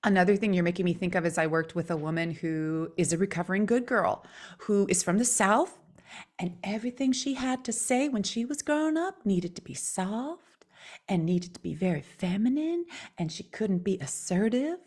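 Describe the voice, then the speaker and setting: Animated woman voice coach. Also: medium pitch, moderate pace. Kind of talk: instructional chat.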